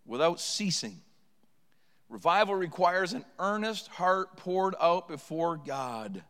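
A high-pitched male preacher delivers a revival sermon in a church sanctuary. His voice rings with a long reverb. He builds to loud, impassioned pleading when he acts out prayers. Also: animated, slow.

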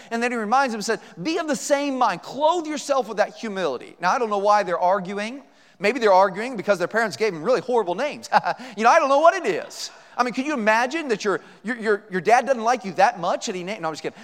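A man's voice: high-pitched, fairly bright tone, long reverb tail. A man preaching a sermon as a guest preacher, folksy and joking, with many rhetorical questions. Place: church sanctuary.

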